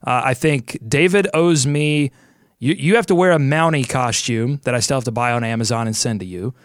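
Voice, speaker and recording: An upbeat man hosts a sports podcast, joking around and thinking aloud as he talks. His voice sits at an ordinary middle pitch. The sound is dry and close, with no room echo. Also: normal speed. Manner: upbeat, jokey, thinking aloud while picking. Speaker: podcast host. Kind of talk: casual sports podcast chat and ad read.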